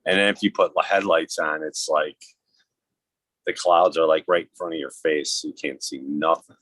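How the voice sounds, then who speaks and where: Low-voiced man in his fifties, rambling stories. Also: steady tone, normal speed, a bit bright, no echo. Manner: rambling and profane, laughs at his own stories. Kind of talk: casual storytelling chat.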